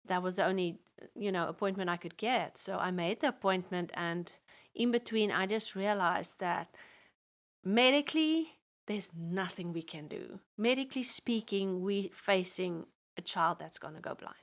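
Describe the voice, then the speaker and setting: A woman, a guest, telling a personal family story in conversation, animated and acting out what others said. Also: fairly low pitch, moderate pace.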